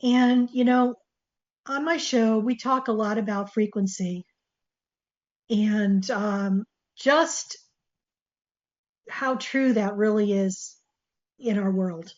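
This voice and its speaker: A woman's voice: medium pitch, fairly even intonation, slow pace, pauses often. A woman hosting her own talk show, speaking earnestly with restarts and fillers, coughing and losing her voice. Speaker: show host. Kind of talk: solo talk show monologue. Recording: dull lo-fi sound.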